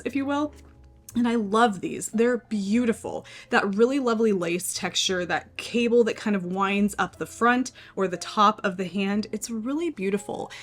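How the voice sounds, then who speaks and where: An American woman hosting a knitting channel, chatting through pattern picks in a casual, think-aloud way. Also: medium pitch.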